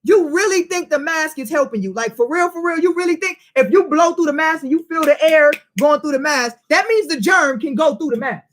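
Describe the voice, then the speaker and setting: A man's voice: very high-pitched, a little fast, few pauses, fairly bright tone, slight background noise. A man teaching a Bible study in informal preaching style, emphatic and full of rhetorical questions and street slang.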